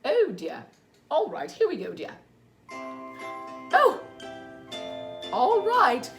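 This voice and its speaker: A woman's voice: on the high side, big pitch swings, extremely slow, long pauses, over music. A woman reading a picture book and singing for young children at home, in an exaggerated sing-song manner with fussy asides. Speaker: children's storyteller. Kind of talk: children's storytime with songs.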